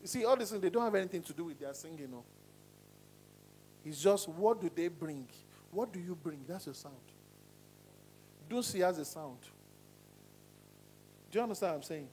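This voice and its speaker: A man leads a singing lesson, speaking in a fairly high voice. He swings between loud and quiet to demonstrate ideas and keeps checking that the class is following. A faint hum sits under the recording. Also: moderate pace, long pauses, poor audio. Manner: animated, demonstrating voices with sudden pitch swings. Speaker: singing coach.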